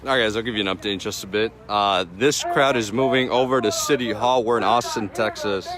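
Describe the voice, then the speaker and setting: A man's voice: on the low side, brisk. A man narrating informal live street news while walking outdoors, speaking into a handheld camera mic. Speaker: livestream street reporter. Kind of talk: live on-the-ground news commentary.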